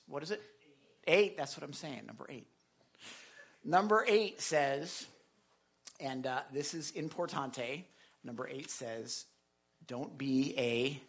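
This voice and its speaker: Male pastor, sermon delivery, gravelly and raspy, chatty with hushed asides and loud swells. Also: on the high side. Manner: conversational, repeats words, drops to a whisper and swells loud.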